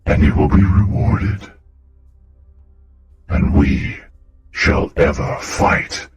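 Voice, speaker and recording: A colossal devil lord, as a game master puts him on, with a voice that sits at the very bottom of the range and moves at a crawl. He booms out slow, commanding proclamations. The sound is roomy, with music underneath. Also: animated, highs cut off, heavily acted.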